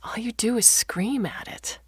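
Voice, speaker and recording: A woman voicing an exhausted grown daughter caring for her father, sharp and half-whispered. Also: on the high side, a little slow, husky, no echo, clean studio sound, pitched above the performer's own voice. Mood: exasperated.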